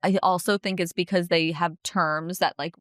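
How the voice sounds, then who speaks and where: A woman's voice: lowish voice, fairly even intonation, moderate pace, no echo, clean studio sound. Woman with a mixed New York-Irish-London accent. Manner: chatty, laughs often. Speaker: podcast co-host. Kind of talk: casual chat.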